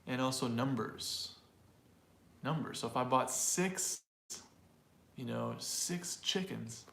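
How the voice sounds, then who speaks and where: A man's voice: medium pitch, expressive, takes it slowly, vocal fry, a bit bright. Man, pronunciation teacher, live online class, explanatory, repeats himself, roomy echo. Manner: explanatory, repeats and restarts words.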